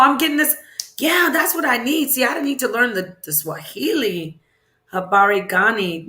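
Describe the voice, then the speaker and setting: Woman livestreamer, chatty and meandering, bright tone, echoey room. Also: medium pitch. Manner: chatty and rambling, answers viewers, asks questions aloud. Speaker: livestream host. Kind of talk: casual livestream chat, reading viewer comments. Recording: roomy echo.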